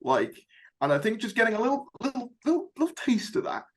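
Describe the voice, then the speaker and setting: A man's voice: very high-pitched, huge pitch swings, fast. A young man hosting a casual fan discussion, chatty and rambling with lots of fillers. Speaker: YouTube host.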